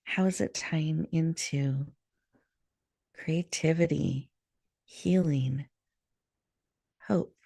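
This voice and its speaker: A woman guides a breathing meditation, speaking softly and unhurriedly with a gravelly edge. Her voice is dry and close, with no room sound around it. She talks as the host of the show. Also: sits low, no room sound. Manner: soft, slow, soothing guidance. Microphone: video call.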